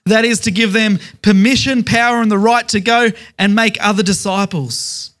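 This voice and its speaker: A man's voice: sits high, fairly even intonation, normal speed, fairly bright tone. A man preaching a sermon as pastor, emphatic, stressing words in repeated lists.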